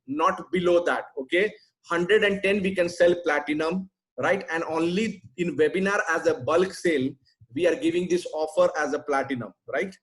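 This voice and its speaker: Guy doing a webinar q&a, kinda high voice, blunt and pushy, keeps saying right and simple. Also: normal speed, low-quality recording. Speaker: sales trainer answering questions.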